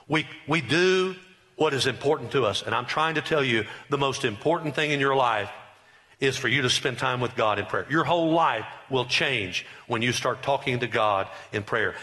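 Bright-voiced emphatic preacher. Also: male voice, mid-range voice. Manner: emphatic, repetitive preaching with rising bursts. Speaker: pastor. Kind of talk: sermon.

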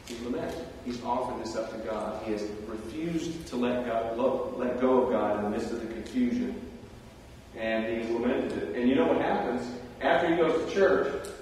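A man giving a sermon, telling the story in a conversational way with animated asides. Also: medium pitch, moderate pace, a little hiss or hum. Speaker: preacher. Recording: roomy hall, distant mic.

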